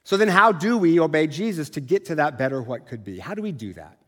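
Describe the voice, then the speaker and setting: A middle-aged pastor preaches a sermon in a conversational, self-deprecating style. He talks fast in a slightly high, sing-song voice, and the large hall gives a long reverb.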